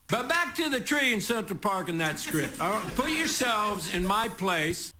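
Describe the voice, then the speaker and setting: High-voiced Texan man rambling through a monologue. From Texas. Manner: rambling, self-mocking, chuckles through his punchlines. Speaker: guest host giving a comedy monologue. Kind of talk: stand-up monologue. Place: TV studio stage with a live audience. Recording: noisy broadcast clip with audience laughter.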